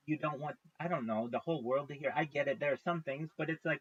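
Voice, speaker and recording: A man's voice: fairly high pitch, fast, slightly rough, no echo, highs cut off. A man streaming live, chatting casually in a rambling way, with frequent restarts and free swearing.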